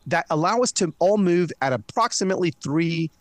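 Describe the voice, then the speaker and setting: Male guest, eager storyteller, fairly high voice, dry studio sound, lots of restarts. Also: a little fast, dry recording. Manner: animated, earnest, many restarts. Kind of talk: casual conversational storytelling. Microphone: studio mic.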